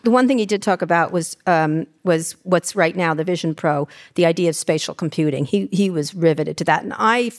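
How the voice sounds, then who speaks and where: Blunt, fast-talking woman telling stories. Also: lowish voice. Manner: fast, irreverent, profane anecdotes with impressions. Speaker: host and memoir author being interviewed. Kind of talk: candid storytelling on stage. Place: live event stage.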